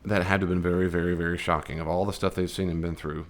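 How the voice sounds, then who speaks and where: Speaking fast with a level tone, an American man teaches a Bible study conversationally in his fairly low voice. He repeatedly quizzes the room and acts out the scripture he reads.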